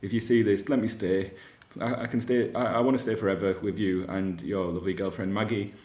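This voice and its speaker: A young comedian vlogging casually from a flat, rambling and self-deprecating with many restarts. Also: male voice, fairly low pitch, fairly quick. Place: rented flat. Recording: echoey room.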